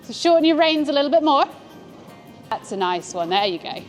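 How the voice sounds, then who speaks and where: A woman giving calm, encouraging instructions as a riding coach. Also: high-pitched, brisk, soft background music. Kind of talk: coaching a rider. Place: outdoor riding arena.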